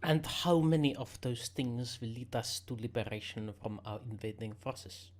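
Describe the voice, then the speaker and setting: A game master voicing a stern woman official in a tabletop game, trying for an African accent and speaking haltingly. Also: mid-range voice, a little mellow, lightly acted. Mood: challenging. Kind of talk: tabletop role-play character voice.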